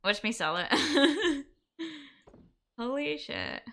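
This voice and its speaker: A young woman chatting casually on a game stream; excitable, she laughs often and swears freely. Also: medium pitch, moderate pace. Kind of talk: casual live-stream chat.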